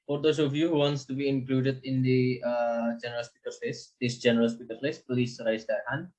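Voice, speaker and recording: A man's voice: mid-range voice, flat delivery, fairly quick, darkish tone, poor audio. A man chairing a model UN committee session, moving between items with many fillers and repeated okays.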